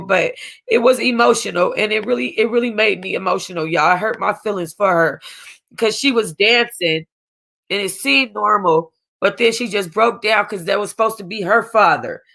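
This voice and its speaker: A woman hosting her own review channel talks through a reality TV episode, fighting back tears as she goes. Her voice has a gravelly, fried edge, and she rambles in loose, slangy chat full of restarts. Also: medium pitch, a bit bright. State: close to crying. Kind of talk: casual chat.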